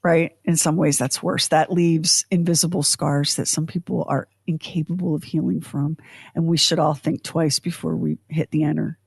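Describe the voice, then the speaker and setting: A woman's voice: deep voice, little pitch movement, moderate pace, gravelly, slightly rough, dry recording, studio quality. A woman hosting a podcast, talking in a chatty, rambling, self-deprecating way. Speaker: podcast host. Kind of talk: casual chat.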